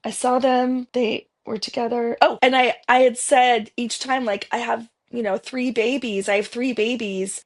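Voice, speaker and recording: A woman in her fifties, a podcast guest, telling personal stories in a rambling, casual way, often restarting and quoting herself. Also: a little high. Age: 50s. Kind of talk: casual storytelling interview.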